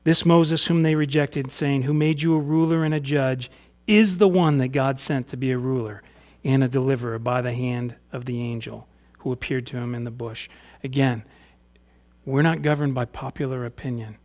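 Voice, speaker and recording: A man's voice: medium pitch, fairly even intonation, normal speed, darkish tone. A male pastor preaching a sermon, reading scripture and explaining it in a conversational way, often dropping into casual paraphrase.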